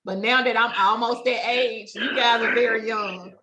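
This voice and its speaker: A woman's voice: on the high side, steady tone, normal speed, bright, forceful tone, highs cut off, slight background noise. A woman in her thirties hosting a podcast and interviewing her mother with casual, probing follow-up questions. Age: 30s. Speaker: podcast host.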